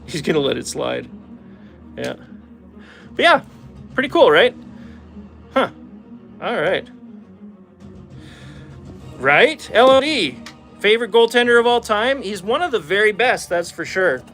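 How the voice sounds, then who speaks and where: A man's voice: sits high, very animated, a little slow, gravelly, pauses often, a bit bright, faint music behind. A man from Calgary with an Alberta accent, chatting casually to viewers while opening trading card packs, laughing often. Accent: Albertan Canadian English. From Calgary, Canada. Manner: laid-back, chuckles often, talks to chat viewers. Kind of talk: casual pack-opening chat.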